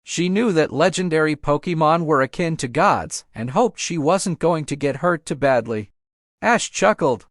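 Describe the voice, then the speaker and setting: A man's voice: fairly high pitch, normal speed, no echo, studio quality. Man narrating a fan story audiobook. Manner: steady storybook reading.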